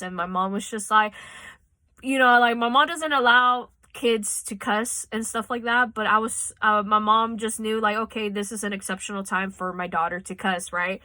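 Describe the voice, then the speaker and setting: A woman's voice: fairly high pitch, moderate pace, bright, forceful tone, dry recording. A woman telling a personal story in a casual vlog, rambling and cursing freely, tearing up as she talks. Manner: rambling, tearful at times, swears freely. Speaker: vlogger. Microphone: phone.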